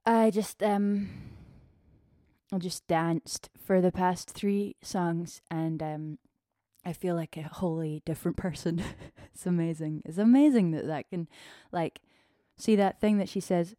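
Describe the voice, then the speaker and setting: A woman hosting a solo podcast, rambling in a loose, chatty way and slightly out of breath. Her voice sits low and mellow, and the recording is dry and close with no room sound. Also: steady tone, unhurried, no room sound. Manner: chatty, warm-hearted, free-flowing with fillers. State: a little out of breath. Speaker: podcast host. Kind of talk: casual solo podcast talk.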